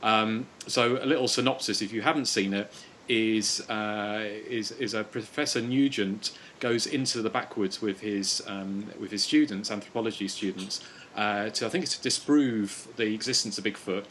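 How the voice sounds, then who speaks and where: Guy hosting a podcast, kinda low voice, rambly, lots of ums, bit of hiss behind. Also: moderate pace, a bit bright. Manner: rambling, chuckling, quotes films with mock moans. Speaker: podcast host. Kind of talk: casual podcast chat.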